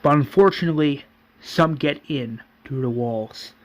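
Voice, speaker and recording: A man's voice: a little high, a little slow. A man casually narrating his own fan story, loose and full of fillers like "you know". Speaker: fan series writer and narrator.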